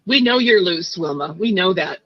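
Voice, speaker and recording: Deadpan teasing guy, high bright voice, dull lo-fi recording, dry. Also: moderate pace, dry recording. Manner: deadpan joke-teller, teasing. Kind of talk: casual comedic chat. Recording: dull lo-fi sound.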